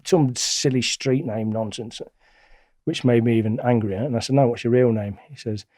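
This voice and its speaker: A middle-aged man, a guest telling stories in a blunt, colloquial, animated way. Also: medium pitch, normal speed, no echo, studio quality. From England. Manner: blunt, colloquial, animated retelling with acted-out quotes. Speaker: interview guest. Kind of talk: casual storytelling.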